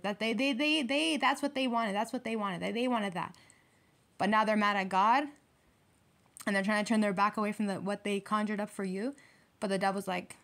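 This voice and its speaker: A woman's voice: medium pitch, fairly bright tone. A young woman doing a casual tarot reading, talking bluntly with heavy swearing and heated emphasis. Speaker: tarot reader.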